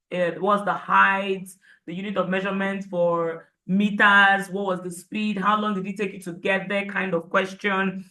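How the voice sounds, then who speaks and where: A woman's voice: mid-range voice, bright, forceful tone, low-quality recording. Emphatic woman teaching exam tips. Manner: repetitive, emphatic, rhetorical questions to students. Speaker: IELTS prep teacher. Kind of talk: live online class lecture.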